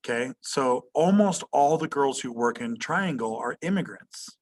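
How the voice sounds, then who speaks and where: A man's voice: medium pitch, animated, a little slow. Man teaching an online history class. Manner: asks students questions, tags "right?" often. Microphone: video call.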